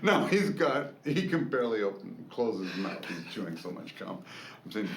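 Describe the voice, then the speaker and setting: A man telling a funny family story in a casual chat, animated and often laughing as he talks. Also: fairly low pitch, normal speed, vocal fry. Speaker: co-host sharing family stories. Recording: echoey room with faint hiss.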